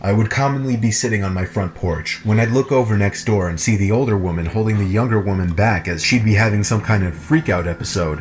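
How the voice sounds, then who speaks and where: A man reading true horror stories aloud in an even, measured narration. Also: on the low side, a little hiss or hum. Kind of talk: scripted narration.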